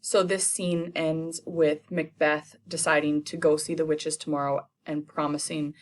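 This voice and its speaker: A young woman teacher retelling a play for students in a chatty, slangy way, tossing in quick playful character voices. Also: low voice, flat delivery.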